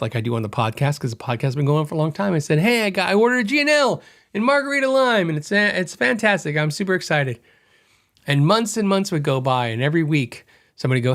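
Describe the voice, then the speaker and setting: A middle-aged man hosting a podcast, telling a story in a chatty, animated way and acting out quoted dialogue. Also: a little high. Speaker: podcast host. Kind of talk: casual storytelling monologue.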